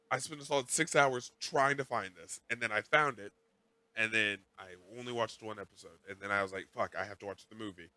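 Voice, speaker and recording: A man's voice: medium pitch, sharp tone, no echo. A man hosting a podcast, telling a rambling, self-mocking story in casual chat, swearing freely. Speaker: podcast host.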